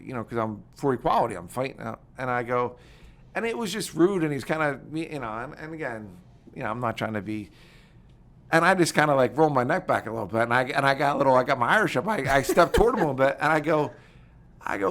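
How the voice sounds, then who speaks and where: Middle-aged guy talking super fast in an interview, fired up, acting out the people he's quoting. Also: mid-range voice, creaky. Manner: energetic, animated storytelling that acts out quoted conversations. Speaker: guest, military veteran and former congressman. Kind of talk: casual interview storytelling.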